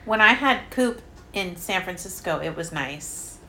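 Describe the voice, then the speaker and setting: Bright-voiced wry woman co-host. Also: on the low side, animated, a little slow, slight background noise, poor audio. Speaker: podcast co-host. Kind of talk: casual chat.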